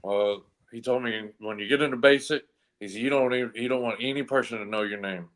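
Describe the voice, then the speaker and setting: A man spins a story for friends at a comfortable middle pitch. He rambles, loops back with "and anyway", and drops casual curses along the way. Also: brisk, a bit bright. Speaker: comedy podcast co-host telling a story.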